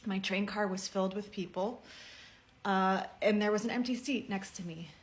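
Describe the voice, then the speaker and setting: A woman telling a personal story in a heartfelt message to camera, speaking earnestly and at a measured pace. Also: mid-range voice, slight background noise.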